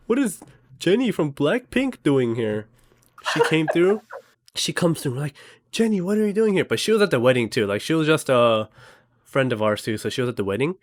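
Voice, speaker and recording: A young man in casual chat, telling a dream with lots of fillers and acted quotes. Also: mid-range voice. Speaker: storyteller.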